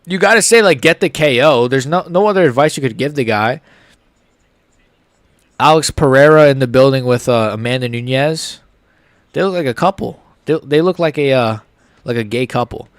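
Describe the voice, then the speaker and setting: A man's voice: mid-range voice, lively intonation, moderate pace, no room sound, studio quality. Heated young man ranting on fights. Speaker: MMA channel host. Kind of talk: live fight reaction.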